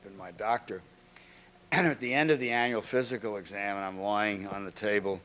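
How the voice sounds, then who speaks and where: An older man giving an anecdotal lecture, halting often, restarting phrases and clearing his throat. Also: fairly low pitch, fairly bright tone, a little hiss or hum. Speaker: guest lecturer. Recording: archival lecture recording.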